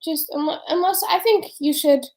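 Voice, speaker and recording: A woman's voice: high-pitched, normal speed, darkish tone. A young woman chatting casually with her sister, telling stories in a chatty, giggly way. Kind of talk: casual chat.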